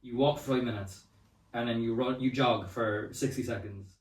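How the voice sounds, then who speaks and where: A man co-hosting a comedy podcast, telling relaxed stories and dropping dry, teasing quips. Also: medium pitch, moderate pace, far from the mic. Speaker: podcast co-host. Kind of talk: casual comedic chat. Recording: roomy sound, speaking away from the mic.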